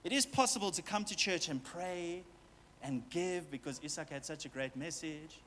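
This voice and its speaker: A man's voice: fairly high pitch, lively intonation, normal speed, a bit bright, long reverb tail, a little hiss or hum. A man preaching a sermon as pastor, talking straight to his congregation with playful asides and quoted voices. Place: church hall with long reverb.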